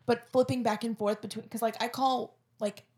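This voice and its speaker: A woman's voice: on the high side, little pitch movement, normal speed, a little mellow. A young woman with a Florida accent co-hosting a podcast at home, chatting casually and jokingly, with lots of "like" and "um.". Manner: chatty, jokey, peppered with "like" and "um". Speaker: podcast co-host. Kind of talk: casual chat.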